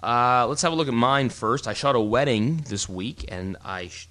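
A man co-hosting a casual photography podcast, explaining in an animated, rambling way with frequent restarts. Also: medium pitch, normal speed. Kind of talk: casual chat.

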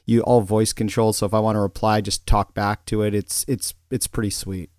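Rambling low-voiced man, dry close sound. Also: level tone, moderate pace, a little mellow, clear, resonant tone, no room sound. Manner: rambling, many restarts and fillers. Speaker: podcast co-host. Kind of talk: casual chat.

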